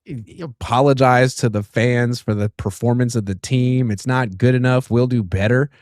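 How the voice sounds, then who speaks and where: A man's voice: mid-range voice, steady tone, normal speed, a little mellow, no room sound, studio quality. Easygoing man reading viewer comments. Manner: easygoing, reads super chats aloud. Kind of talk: casual sports talk.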